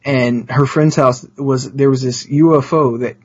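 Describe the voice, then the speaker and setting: A man guest on a podcast, telling a story in casual chat, excited, with many restarts. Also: mid-range voice, a little slow, breathy edge. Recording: dull lo-fi sound.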